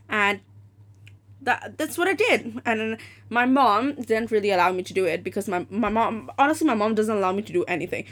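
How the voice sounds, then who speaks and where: A woman in her late teens hosting a solo podcast, telling stories in an animated, profane rant. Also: medium pitch, a little fast. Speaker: podcast host.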